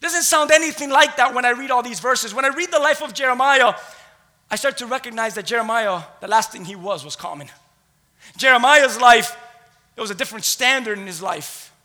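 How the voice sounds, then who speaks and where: A man preaching a sermon in a church, impassioned, swinging between loud declarations and hushed asides. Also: very high voice, a little fast.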